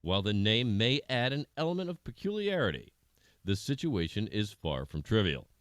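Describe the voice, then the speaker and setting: A man co-hosting a comedy podcast, reading news stories in a deadpan newsreader manner. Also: fairly low pitch, moderate pace, dry recording, studio quality. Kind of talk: mock news anchor delivery.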